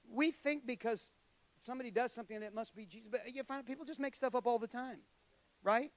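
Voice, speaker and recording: High-voiced man preaching with jokes. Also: quick pace. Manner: humorous, conversational, self-deprecating asides. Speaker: guest preacher. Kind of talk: sermon.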